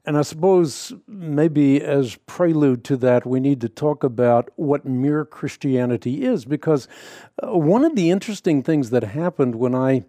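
A man's voice: a little high, measured pace, mellow, dry recording. A middle-aged man who hosts a radio show, talking earnestly and fluently, telling stories in conversation. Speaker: radio host. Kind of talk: conversational interview.

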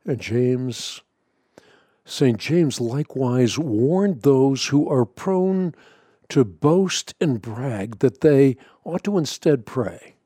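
A man giving a scripted teaching on prayer, measured and earnest, leaning hard on key words. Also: mid-range voice, expressive, mellow, husky, dry recording, studio quality. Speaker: Christian teacher.

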